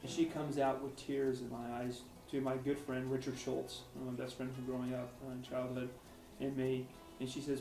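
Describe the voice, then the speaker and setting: A man's voice: medium pitch, little pitch movement, brisk, mellow. A man being interviewed, recounting personal stories in a rambling, hesitant way. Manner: rambling, hesitant with frequent restarts. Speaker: author interviewee. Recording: roomy, distant mic with faint music.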